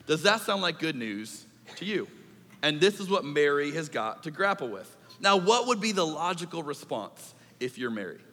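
A man in a church sanctuary delivers a sermon. He talks in an animated, conversational way and acts out little asides. His high, bright voice rings through a large, reverberant hall. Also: normal speed. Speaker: pastor.

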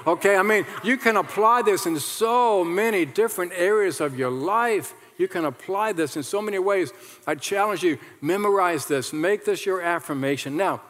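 A male pastor preaching a lively sermon, repeating lines and leading the congregation in call-and-response. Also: sits high, normal speed. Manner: animated, repetitive, leads the congregation in call-and-response. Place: large church hall with congregation. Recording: long hall reverb.

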